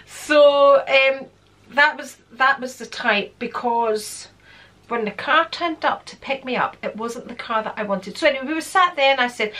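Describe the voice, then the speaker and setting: A woman tells a personal story in a chatty, meandering way, with plenty of fillers. Her voice sits a little high and has a sharp, bright edge. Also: moderate pace. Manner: chatty, digressive, with frequent fillers. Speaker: vlogger. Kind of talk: casual storytelling.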